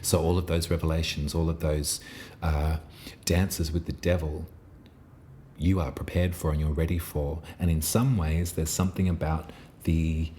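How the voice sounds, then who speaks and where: Man, very deep voice, tarot reading, soft and reassuring, meandering with pauses, faint background hiss. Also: little pitch movement. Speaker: tarot reader. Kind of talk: intuitive tarot reading monologue.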